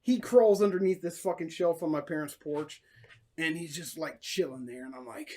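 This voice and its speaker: A man's voice: a little high, normal speed, darkish tone. A man co-hosting a casual podcast chat, laid-back and teasing, laughing along with his co-host.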